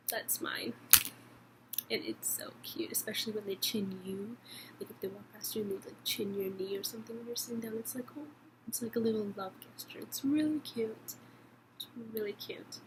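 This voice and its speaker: Rambling young woman vlogging, noisy. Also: medium pitch. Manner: chatty, rambling, many fillers and repeated phrases. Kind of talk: casual chat to camera.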